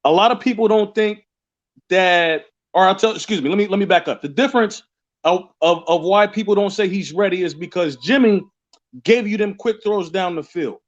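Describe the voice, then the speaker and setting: High-voiced man rambling over muffled audio. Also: moderate pace. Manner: rambling, repeats words and restarts often. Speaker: caller. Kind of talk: casual call-in chat.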